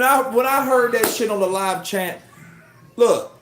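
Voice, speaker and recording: A man hosting a livestream of boxing commentary, talking in an animated, profane and excitable way. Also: very high-pitched, measured pace, a little hiss or hum. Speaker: host. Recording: roomy echo.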